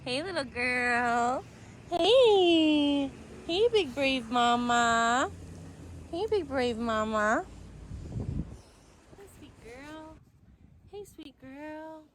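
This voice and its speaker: High-voiced woman cooing at puppies. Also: expressive, drawn-out words, pauses often, a little hiss or hum. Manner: coos baby talk to puppies; upbeat, addresses viewers directly. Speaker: animal channel host. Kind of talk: casual vlog chat.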